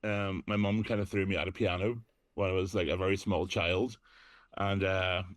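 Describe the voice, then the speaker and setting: Man from northern ireland, middle-aged, low voice, casual self-deprecating chat, dry close sound. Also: flat delivery, normal speed, no room sound. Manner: chatty, self-deprecating, frequent ums. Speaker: guest, actor and DJ. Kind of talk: casual interview conversation.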